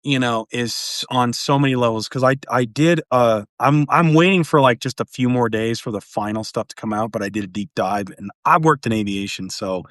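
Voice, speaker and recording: A man hosting a casual political discussion, rambling with frequent restarts and animated jokes. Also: medium pitch, moderate pace, few pauses, dry recording, studio quality. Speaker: podcast host.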